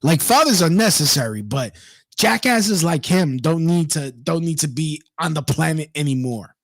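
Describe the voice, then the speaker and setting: A man's voice: on the high side, animated, normal speed, no echo. A man reading a news story aloud and ranting about it, profane and indignant, breaking off to mock the people in it. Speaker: online commentator.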